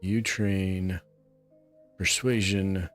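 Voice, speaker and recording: A man hosting a relaxed let's play, chatting and musing aloud as he plays. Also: low voice, extremely slow, soft background music. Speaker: gameplay host.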